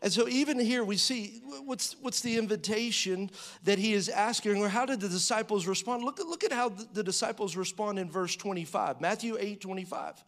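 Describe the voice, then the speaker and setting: A man with a high-pitched voice preaches a sermon in a conversational way. He fires rhetorical questions at his listeners and acts out prayers and quotes, his pitch and volume rising as he does. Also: fairly quick, fairly bright tone. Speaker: pastor.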